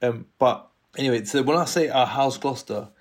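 Husky man telling a lively story. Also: mid-range voice, fairly quick. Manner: acts out other people's voices, laughs often. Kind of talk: animated storytelling in casual conversation.

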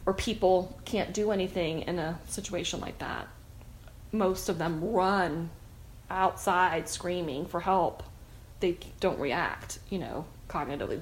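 A woman's voice: on the low side, a little hiss or hum. A woman guest talking candidly in a conversation, chatty and prone to restarts and easy laughter.

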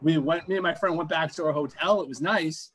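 A man's voice: on the high side, a little fast, a bit bright, slight background noise. A man co-hosting a podcast, telling rambling, sarcastic, sweary stories. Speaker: podcast co-host. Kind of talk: casual storytelling.

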